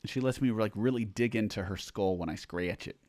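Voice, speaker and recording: A man's voice: lowish voice, a little fast, darkish tone, dry recording. A man hosting a casual livestream for his supporters, reading viewer comments aloud and rambling along with fillers and restarts. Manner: rambling, chatty, self-interrupting with fillers. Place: home room indoors.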